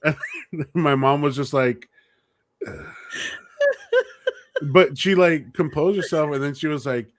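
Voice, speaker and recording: A man's voice: fairly high pitch, takes it slowly, long pauses, no room sound. A young man co-hosting a podcast, telling a story in casual, joking chat. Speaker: podcast co-host.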